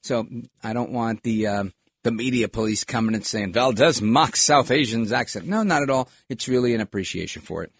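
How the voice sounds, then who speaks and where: Husky, animated male talk host. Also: on the low side, brisk, no echo, studio quality. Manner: rambling, animated, digressive. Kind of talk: opinionated political commentary.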